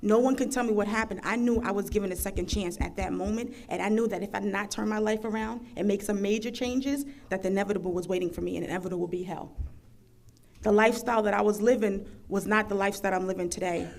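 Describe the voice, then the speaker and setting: A woman's voice: mid-range voice, steady tone, quick pace, a little mellow. A woman in her thirties from the United States giving an earnest, emphatic personal testimony as a panel speaker. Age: 30s. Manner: earnest, emphatic, building to passionate intensity.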